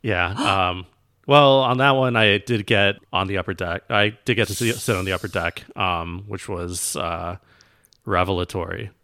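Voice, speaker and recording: A man in his thirties co-hosts a casual chat. His voice sits very low and has a gravelly rasp. The sound is dry and close, and he talks in a loose, rambling way. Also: moderate pace, no room sound. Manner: relaxed, rambling, filler-heavy.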